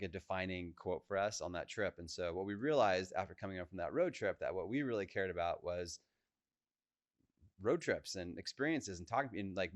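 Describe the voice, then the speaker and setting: Male co-founder, relaxed storytelling talk, lower voice, dry room. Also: dry recording. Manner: casual, chatty, lots of "like" and "you know". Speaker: co-founder giving a presentation.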